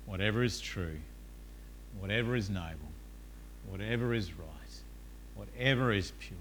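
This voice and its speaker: A male pastor preaches in a church in an easy, conversational way, often pausing on "uh" and putting questions to the room. His voice sits at a middle pitch with a bright, clear tone, and a faint noise runs in the background. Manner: conversational, frequent "uh", asks the congregation questions. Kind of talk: sermon.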